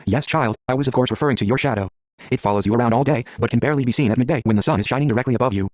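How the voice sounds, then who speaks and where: A man's voice: medium pitch, racing, darkish tone, dry recording, close to an everyday voice. A man voicing an irritated, grudging grim reaper in a story game, close to his own voice. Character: grumbling male grim reaper.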